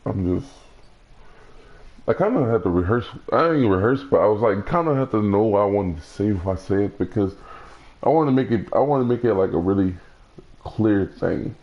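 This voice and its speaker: A young man with a lowish voice rambles through casual gaming talk, circling back on himself with restarts and fillers. The sound is dull and lo-fi, like stream audio from a console. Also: expressive, fairly quick.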